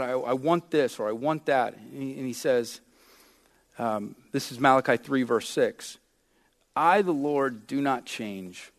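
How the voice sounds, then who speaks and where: Acting out prayers and passages of scripture, a male pastor delivers a fervent sermon with dramatic shifts in pitch and loudness.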